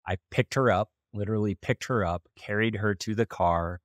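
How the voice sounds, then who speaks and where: A man's voice: on the low side, normal speed, no echo, studio quality. A man from small-town Idaho, hosting a podcast and earnestly retelling a personal story with occasional chuckles. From small-town Idaho, USA. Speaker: podcast host.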